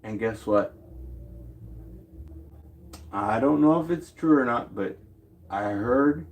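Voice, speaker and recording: A man's voice: mid-range voice, animated, slow pace, long pauses, slight background noise. A man chatting on a livestream, rambling and slangy, drifting between stories. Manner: slangy, meandering, loose profanity. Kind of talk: rambling casual livestream chat.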